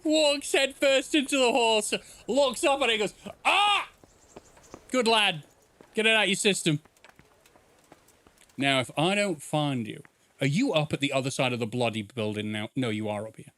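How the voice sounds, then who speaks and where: A man's voice: high-pitched, normal speed, fairly bright tone. A man streaming a video game, chatting casually, joking and swearing as he calls out to the characters. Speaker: gaming streamer. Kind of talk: casual let's-play commentary.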